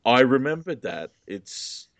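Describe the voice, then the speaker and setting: A man co-hosting a podcast in a casual, self-mocking way, speaking in a low, groggy morning voice. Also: very animated, takes it slowly, a bit bright, no echo. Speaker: podcast co-host. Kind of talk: casual chat.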